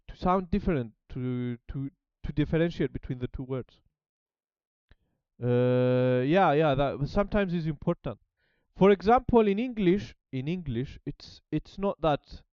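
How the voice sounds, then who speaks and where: A man's voice: a little high, smooth, no room sound, lo-fi sound. A man with a Greek accent, a native Greek speaker, talking casually as he studies a language and thinks aloud with many restarts. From Greece. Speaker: language learner documenting his study. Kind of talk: casual self-study talk.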